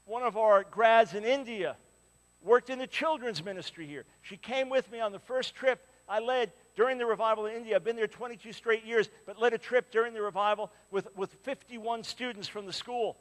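Male preacher, high voice, animated storytelling, big hall reverb. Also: fairly quick. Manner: animated storyteller, drops to hushed tones for quoted lines. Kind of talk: sermon storytelling.

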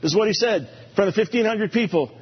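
Male preacher, husky and animated, playful repetition, muffled recording. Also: sits high, fast talker. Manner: animated, playful, repeats phrases for emphasis. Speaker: pastor. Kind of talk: sermon. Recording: dull lo-fi recording.

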